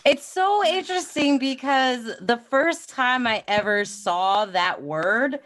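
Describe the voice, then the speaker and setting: A woman with a New York accent hosting a casual live chat, telling stories in an animated, rambling way. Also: high voice, slow. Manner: animated storytelling, rambling asides.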